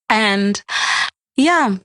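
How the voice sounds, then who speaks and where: A woman's voice: medium pitch, very slow, dry recording. A young adult woman, a podcast guest, telling a personal story in casual chat and acting out the quoted lines. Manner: animated, acts out quoted dialogue.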